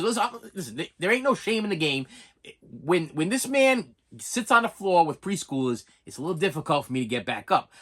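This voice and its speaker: Guy in his 40s rambling through a funny story, bright voice, pitch bouncing all over. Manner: animated, self-mocking, repeats "listen", stammers. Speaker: vlogger. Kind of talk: casual storytelling.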